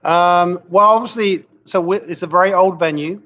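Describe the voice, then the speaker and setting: A man's voice: high voice, normal speed, a bit bright, muffled recording. A man with a Southwest London English accent, a comedy club manager talking easily as a guest, with dry humor. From England. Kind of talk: casual interview.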